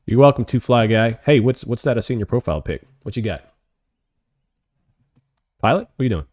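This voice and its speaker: Excitable man calling live trades. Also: mid-range voice, brisk, dry recording, clean studio sound. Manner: excitable, cheering on trades, reading chat questions. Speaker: options trading livestream host. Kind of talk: live trading commentary to chat.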